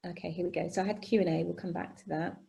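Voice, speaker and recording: A woman presenting an online workshop over a video call, chatty and animated, often checking in with "okay?" and "right?". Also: fairly low pitch, rapid-fire, vocal fry. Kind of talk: live online workshop teaching.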